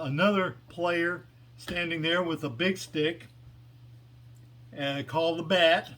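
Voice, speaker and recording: Man doing a patient, rambling baseball manager, mildly high, his own voice. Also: fairly bright tone. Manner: explaining patiently, rambling with fillers. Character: patient middle-aged male baseball manager.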